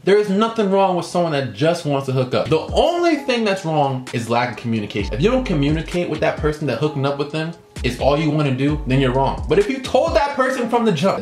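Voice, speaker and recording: A man's voice: high-pitched, echoey room. A man of about twenty ranting to camera as a vlogger, blunt and exasperated, full of slang.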